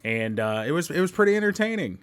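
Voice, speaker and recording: A man's voice: on the high side, big pitch swings, quick pace, smooth, dry recording. A man in his thirties hosting a casual commentary monologue, chatty, laughing often and jumping into sudden emphasis. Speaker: show host.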